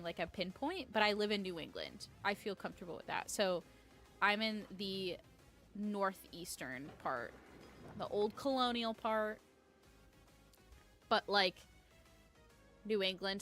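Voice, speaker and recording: Her mid-range voice carries a sharp edge as she rambles to her audience during a live game stream. She's a New Yorker, talking casually and leaning heavily on "like."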